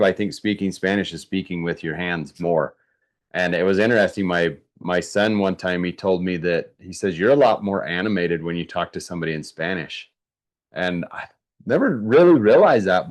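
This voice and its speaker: A man presenting an online workshop, talking conversationally with many fillers and asking viewers to answer in the chat. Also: low-pitched. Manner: conversational, thinks aloud with fillers and restarts; asks the audience to answer in chat.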